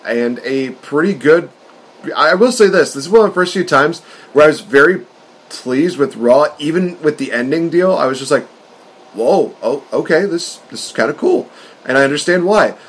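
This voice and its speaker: A man co-hosting a podcast, chatting casually with excitable, fast-talking rants. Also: on the high side. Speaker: wrestling podcast co-host.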